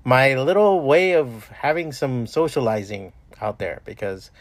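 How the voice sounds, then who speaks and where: A man's voice: mid-range voice, expressive, a little slow, no room sound. A man hosting a podcast from home, talking in a loose, profane, rambling way with many restarts. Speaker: podcast host. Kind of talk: casual rambling monologue.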